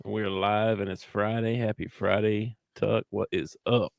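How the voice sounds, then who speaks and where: A man co-hosting a sports podcast in casual chat, with a slightly rough, gravelly voice and an easy laugh. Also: fairly low pitch, flat delivery, unhurried, dry recording, studio quality. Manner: laid-back, laughs often. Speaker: podcast co-host.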